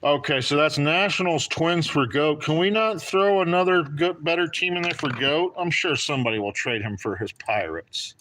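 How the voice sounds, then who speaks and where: Bright-voiced man hosting a live card break. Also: a little high, normal speed, hardly any pauses. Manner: chatty, joking, teasing viewers by name. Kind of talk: casual live-stream commentary.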